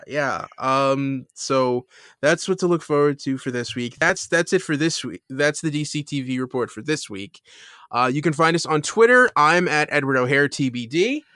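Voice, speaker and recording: A man co-hosting a podcast rambles in casual conversation, dropping fillers, restarting often and laughing as he retells a scene. His medium-pitched voice is bright and forceful. The recording is dry and of studio quality.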